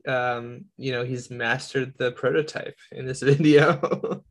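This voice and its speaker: A man's voice: mid-range voice, steady tone, measured pace. A man in a casual group chat on a video call, easygoing and brief.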